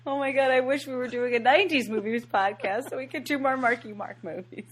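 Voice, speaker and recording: A woman's voice: on the high side, a little fast. A woman co-hosting a podcast, chatting casually about a movie and laughing often. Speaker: podcast co-host.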